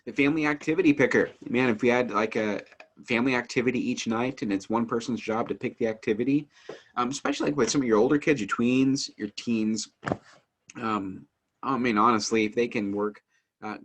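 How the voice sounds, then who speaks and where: A man who teaches family life, talking casually to the camera in an earnest, eager way while working to keep his pace slow and calm. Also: on the low side. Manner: earnest, eager, works at speaking slowly and calmly; frequent fillers and restarts as energy rises. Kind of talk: casual instructional talk to camera.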